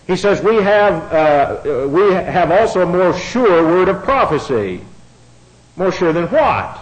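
A middle-aged man preaching a sermon, folksy and sarcastic, swinging between quiet asides and loud outbursts. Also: high voice, sing-song, takes it slowly, muffled recording, crowd noise.

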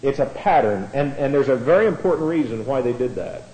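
A man's voice: mid-range voice, lively intonation, brisk, dark tone, low-quality recording. A man giving a sermon-style Bible study, explaining in a conversational way, often restarting his sentences and spelling out words letter by letter. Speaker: Bible teacher.

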